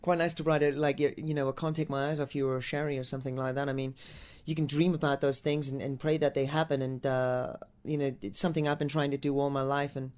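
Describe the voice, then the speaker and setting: Stage actor from Newcastle, English man with a mixed American-Northern English accent, speaks quickly with little pitch movement. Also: little pitch movement, a little mellow. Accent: mix of American and Northern English. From Newcastle, England. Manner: rambling, many restarts and fillers. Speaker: musical theatre actor and singer. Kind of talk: interview answers.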